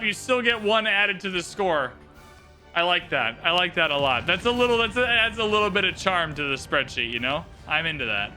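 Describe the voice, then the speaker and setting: During a livestream, a man with a high, very bright voice offers relaxed, joking commentary on a strategy game at normal speed. He chats with easy, playful asides while faint game music plays underneath.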